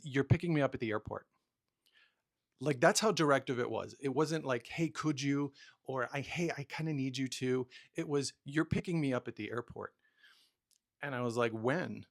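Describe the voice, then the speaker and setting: A man's voice: mid-range voice, a bit bright. A man hosting a talk about nice-guy habits, telling personal stories in a candid, self-deprecating way with many restarts. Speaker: podcast host. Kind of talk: casual advice monologue.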